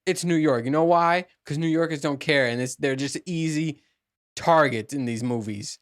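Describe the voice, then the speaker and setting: A man talking through a casual solo podcast monologue, rambling and profane. He stumbles and restarts often. His voice sits a little high for a man. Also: moderate pace. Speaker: podcast host.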